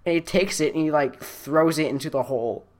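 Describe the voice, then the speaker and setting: A teenage boy co-hosting a podcast tells school stories over an online call microphone, his voice a little high, fairly quick, and slightly mellow. He rambles loosely, laughs a lot, and fills his speech with "like," fillers, and restarts.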